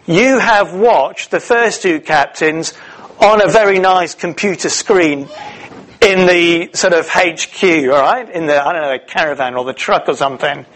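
A middle-aged man preaching a sermon, telling the story in a lively way with many "uh"s and restarts. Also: a little high, poor audio. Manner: animated storytelling with many fillers.

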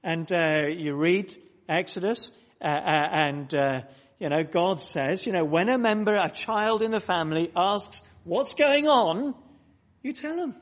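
A man's voice: on the high side, unhurried. A man preaching a sermon to his congregation, emphatic and repeating phrases for weight, speaking directly to the people in the church.

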